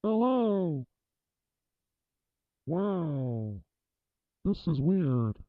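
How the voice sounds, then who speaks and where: A man speaking through a deep pitch-shift effect that turns his voice into a monster. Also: very animated, drawn-out words, dry recording, narrow, tinny audio, full character voice. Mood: playful. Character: deep gravelly male monster voice. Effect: deep pitch-shift voice filter.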